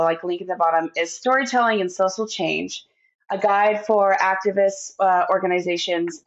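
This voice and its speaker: A woman hosting a podcast interview, chatting enthusiastically and eagerly responding to her guest. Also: medium pitch. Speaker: podcast host. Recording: dull lo-fi recording.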